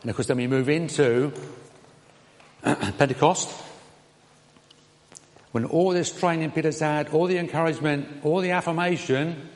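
A man preaching a sermon in a conversational way, with his voice lifting on questions and dropping soft on tender lines. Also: on the high side, a little slow, pauses often. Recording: reverberant hall.

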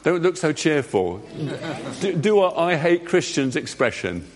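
Man, all-age church talk, fairly high voice, playful and directing, long hall reverb. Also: unhurried, a crowd in the background. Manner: lively, jokey, directing volunteers. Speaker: preacher leading a Bible story with volunteers.

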